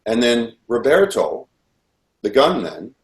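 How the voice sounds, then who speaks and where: A man's voice: mid-range voice, big pitch swings, slow. A man giving earnest, intense personal testimony, telling a story and replaying what others said. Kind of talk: personal testimony, recounting events. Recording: echoey room.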